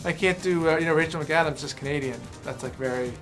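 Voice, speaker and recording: A man's voice: fairly high pitch, fast talker, a bit bright, soft background music. A man in his thirties, an actor chatting in a casual interview, rambling with many fillers and restarts. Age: 30s. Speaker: actor promoting a film.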